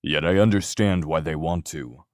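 A man voicing a gruff male bear-shifter clan leader who speaks low and bluntly in an audiobook. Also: moderate pace, dry recording, clean studio sound. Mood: grim.

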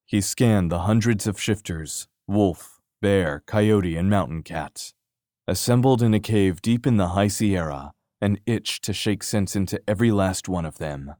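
A man narrating a fantasy audiobook in a steady, even storytelling manner. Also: low-pitched, a little slow, no room sound, clean studio sound. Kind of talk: scripted narration.

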